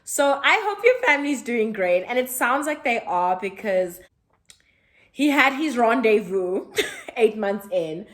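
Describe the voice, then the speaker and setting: Female vlogger, twenties, South African accent, slightly high pitch, casual and lively storytelling. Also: a little slow. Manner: chatty, animated, acts out dialogue in a sassy voice. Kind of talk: storytime vlog.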